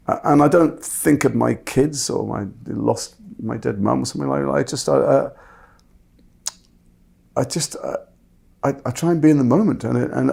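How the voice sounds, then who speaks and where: A middle-aged guest actor talks reflectively and self-deprecatingly in an interview, often restarting his sentences. His voice is medium-pitched and gravelly with a darkish tone.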